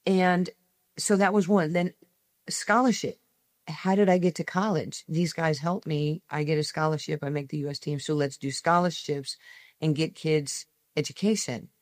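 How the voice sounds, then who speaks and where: A woman in her sixties, a guest telling personal stories in an emphatic way, speeding up in quick bursts. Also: sits low, fairly even intonation, no echo, clean studio sound. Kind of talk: animated personal storytelling.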